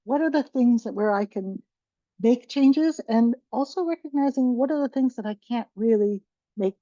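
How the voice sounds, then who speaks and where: Woman, caregiver workshop presenter, conversational, mellow tone, dull dry recording. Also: fairly high pitch, moderate pace, no room sound. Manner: conversational, with frequent restarts and acted-out examples. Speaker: dementia care presenter.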